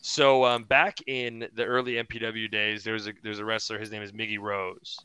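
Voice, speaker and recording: A young man, a pro wrestler guest on a podcast, telling stories in an animated way, with lots of restarts and laughs. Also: on the low side, normal speed, clean tone, no room sound. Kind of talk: casual podcast chat.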